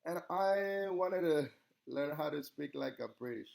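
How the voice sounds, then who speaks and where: A man speaks English, presenting a class assignment at a slow, unhurried pace. His delivery halts often, with pauses and ums between phrases, and his voice has a gravelly fry. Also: on the high side, expressive, a little mellow. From Latin America. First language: Spanish. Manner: halting, with many pauses and ums. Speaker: student giving a class presentation. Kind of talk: recorded class assignment monologue.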